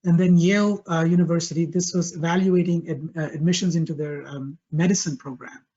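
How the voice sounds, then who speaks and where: A man with a high voice presents a webinar over a video call, speaking with energy and stressing his points by repeating them. The call audio sounds a little dull and lo-fi. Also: brisk. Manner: energetic, emphatic, repeats key phrases.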